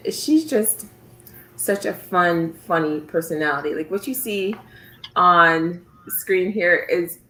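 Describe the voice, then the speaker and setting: A woman's voice: lowish voice, fairly even intonation, unhurried, bright, forceful tone, echoey room, low-quality recording. A woman who teaches, chatting casually as a guest and telling stories with frequent laughter. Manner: talkative, laughs often, tells stories.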